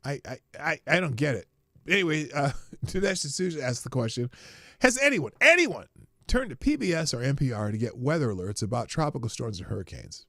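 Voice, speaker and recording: A male livestream host whose pitch jumps around a lot as he reacts. His voice has a gravelly edge, and he sounds sarcastic and exasperated as he reads viewer comments. The sound is close and dry, with no room around it. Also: sing-song, brisk, fairly bright tone, no echo.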